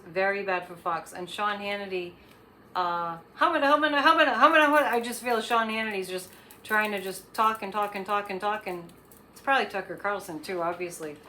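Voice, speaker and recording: A woman's voice: fairly low pitch, sharp tone, slight background noise. A woman hosting her own show, giving psychic readings in a rambling, casual monologue full of fillers and restarts. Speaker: psychic host.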